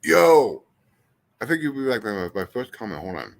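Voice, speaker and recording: A man with a medium-pitched voice and some vocal fry talks at a normal speed on a livestream. He rambles casually to his chat, animated and swearing freely as he goes.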